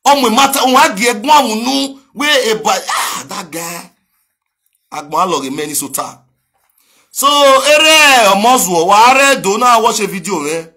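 Husky high-voiced man, heated. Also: animated, measured pace. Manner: switching between pleading and heated shouting. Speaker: speaker addressing a rival. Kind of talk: direct video message.

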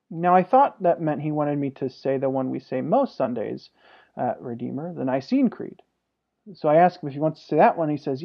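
A man's voice: fairly high pitch, big pitch swings, fairly quick, vocal fry, highs cut off. A male pastor, likely in his thirties, preaching a sermon and telling a family story with frequent "uh" fillers.

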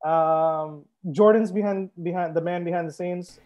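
A man's voice: high voice, fairly even intonation, measured pace, dull audio, a loud crowd. Upbeat young man hosting a wine livestream. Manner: chatty, upbeat, addresses viewers directly. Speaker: sommelier and show host. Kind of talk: live-streamed wine tasting chat.

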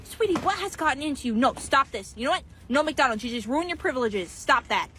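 A woman's voice: high voice, expressive, quick pace, a bit bright. A woman voicing a stern, exasperated mother scolding her child, in a comedy skit.

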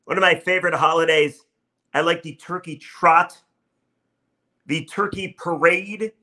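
Male sports podcast host, 30s, bright and slightly high, upbeat chatty monologue. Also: steady tone, a little slow. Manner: upbeat, chatty, pushes listeners to subscribe.

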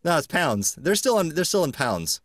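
A man's voice: on the high side, sing-song, normal speed, fairly bright tone, no room sound, studio quality. A man hosting a podcast in casual chat, playfully reading quiz questions aloud and laughing mid-sentence. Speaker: podcast host.

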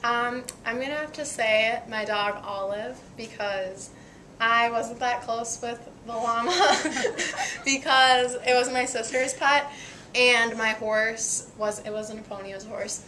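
A young woman, a college midfielder, answers interview questions with deadpan jokes and some laughter. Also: on the high side, unhurried, background noise. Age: young adult.

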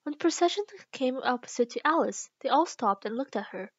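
Woman reader, careful and slow; dry, lo-fi home recording. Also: high-pitched, lively intonation, breathy edge, dry recording. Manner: slow, careful reading with small restarts. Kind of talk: reading a children's book aloud.

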